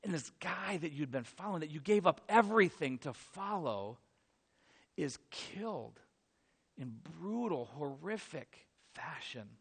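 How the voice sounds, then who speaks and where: Man, preacher, high-pitched, sermon, dramatic retelling, quiet then loud. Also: lively intonation, a little slow, slightly rough. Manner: dramatic storytelling, swinging from hushed to loud. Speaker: pastor.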